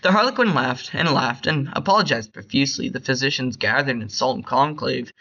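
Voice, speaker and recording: A young man reading a short story aloud in a bored, hurried way, stumbling over words. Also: medium pitch, expressive, pushed and bright, muffled recording. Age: young adult. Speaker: reader.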